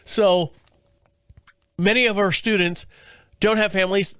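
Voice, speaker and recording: A high-voiced man hosts a comedy podcast, reading a story aloud and often breaking into laughter. He stumbles over his words and restarts, and the recording is dry and close, with no room sound. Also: steady tone, measured pace, sharp tone, smooth, no echo. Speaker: podcast host. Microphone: studio multi-camera setup.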